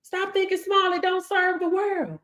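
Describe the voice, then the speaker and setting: A woman's voice: extremely high pitch, little pitch movement, unhurried, fairly bright tone. A woman coach giving a motivational faith-based pep talk. She preaches emphatically, chants affirmations and keeps calling out "Hello?" to her listeners. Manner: preacher-like, emphatic, with frequent "Hello?" call-outs; repeats affirmations in a rhythmic chant. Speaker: business coach.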